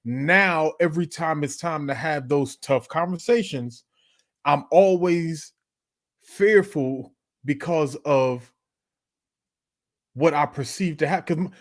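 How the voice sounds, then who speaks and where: A man's voice: a little high, slow. Earnest man in his thirties. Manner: earnest, reflective. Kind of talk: casual discussion.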